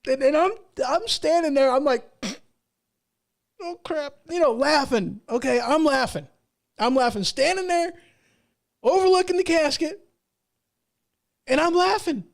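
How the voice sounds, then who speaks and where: A man's voice: very high voice, expressive, a little slow, gravelly, long pauses. A man hosting his own show, telling a funny personal story in a rambling, self-deprecating way. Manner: rambling, self-deprecating, with frequent restarts and fillers. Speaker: podcast host. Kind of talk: casual monologue storytelling.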